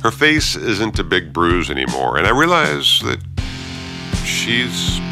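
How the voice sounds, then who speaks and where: A man narrating a first-person story, sardonic and profane, swinging between hushed reflection and heated rants. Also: lowish voice, sing-song, slow pace, gravelly. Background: loud guitar music.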